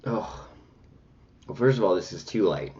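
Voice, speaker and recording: A man's voice: low voice, big pitch swings, fast talker, dark tone, muffled recording. A man talking chattily and dramatically at home while he reviews makeup, full of sassy exclamations. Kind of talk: casual makeup review vlog.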